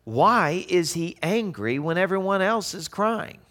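A man preaching a sermon in a conversational, animated way, asking the audience rhetorical questions. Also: high voice, a little slow. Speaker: pastor.

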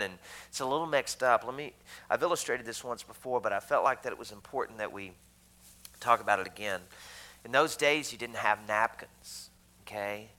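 A man's voice: medium pitch, normal speed, sharp tone, poor audio. A man preaching a sermon to a congregation in a church, talking to them conversationally with jokey asides. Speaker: pastor.

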